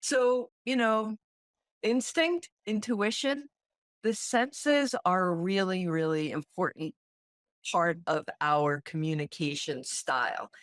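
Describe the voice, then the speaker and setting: Slow, thoughtful woman podcast host. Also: on the low side, no echo, studio quality. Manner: slow, thoughtful, searching for words. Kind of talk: reflective casual conversation.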